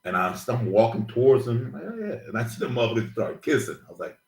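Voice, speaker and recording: A man co-hosting a casual talk show, telling a story in a lively, laughing way and acting out what people said. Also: mid-range voice, fast talker, reverberant, poor audio. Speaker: podcast co-host. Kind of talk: casual chat.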